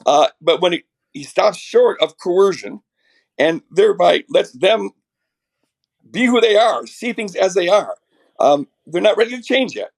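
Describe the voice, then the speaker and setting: A middle-aged man with a raspy voice from a chest cold, earnestly explaining theology as a podcast guest, restarting his sentences often. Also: sits high, expressive, unhurried. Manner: earnest, builds ideas with many restarts.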